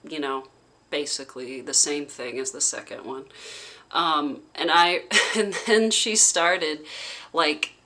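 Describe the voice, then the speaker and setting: Woman vlogger, unhurried and halting, crisp bright tone, casual storytelling. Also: sits low. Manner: halting, heavy with "like" fillers. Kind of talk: casual personal recounting.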